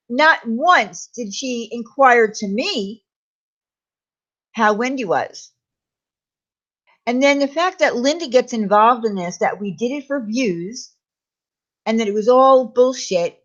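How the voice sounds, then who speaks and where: A high-pitched woman vents her anger on her own channel, throwing out sarcastic questions and repeating names with indignation. The sound is muffled and lo-fi. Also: animated, measured pace, long pauses. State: angry. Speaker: YouTube commentary host. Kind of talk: angry ranting commentary.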